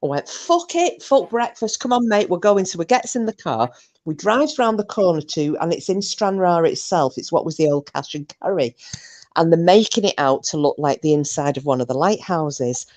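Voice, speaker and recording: Woman, brash storyteller, lively swooping voice, dry close mic. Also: fairly low pitch, normal speed, dry recording. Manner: animated, swearing, shrieking when acting out herself. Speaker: co-host. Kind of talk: casual storytelling chat.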